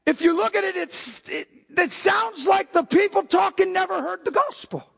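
An older man delivers a sermon from the pulpit. His voice sits strikingly high and carries a gravelly rasp, and he keeps jumping from calm explaining to fiery shouted lines. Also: normal speed. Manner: preaching with sudden shouted outbursts. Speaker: pastor.

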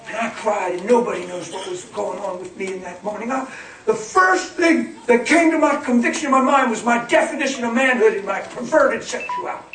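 Recorded at a distance in an echoey hall with the congregation audible, a middle-aged male pastor gives a sermon in a very high, slightly bright voice. He's emphatic and funny, performing small scenes for his listeners.

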